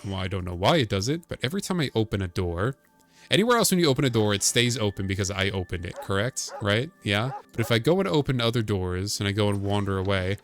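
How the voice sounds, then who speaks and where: A man's voice: lowish voice, expressive, quick pace, faint music behind. A man giving casual, joking commentary while playing a video game, rambling and wry. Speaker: let's play streamer.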